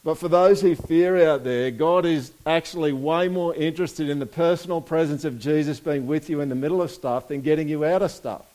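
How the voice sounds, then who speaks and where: A man's voice: a little high, brisk, hardly any pauses, warm tone. A man preaching a sermon in a casual, conversational way, asking the congregation for responses and reading scripture aloud. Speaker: pastor.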